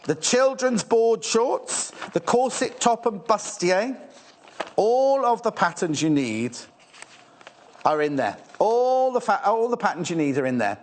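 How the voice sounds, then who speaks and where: A British man presenting fabrics on a live TV shopping channel, rushed, gushing and a little out of breath. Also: sits high, big pitch swings, slight background noise.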